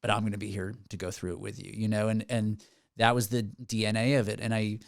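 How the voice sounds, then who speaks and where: This is a casual podcast interview recorded in a studio, dry and at studio quality. The guest, a musician in his forties, speaks in a lowish, flat, brisk voice with vocal fry, rambling earnestly through his stories and restarting often.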